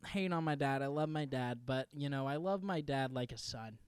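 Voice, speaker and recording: Profane, animated young man, crisp and dry. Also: mid-range voice, moderate pace, no room sound. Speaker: podcast co-host. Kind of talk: casual chat.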